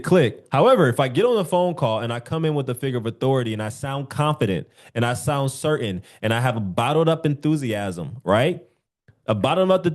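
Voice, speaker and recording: A young male sales coach talks to his agents on a group call. He is animated and acts out little phone scripts to make his points, his voice sitting in an ordinary middle register. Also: medium pitch.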